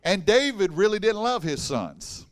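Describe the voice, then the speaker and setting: Folksy preacher, fairly high voice. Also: male voice, unhurried. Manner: folksy, animated preaching with humor and crowd asides. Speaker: pastor. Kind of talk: sermon. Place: church hall.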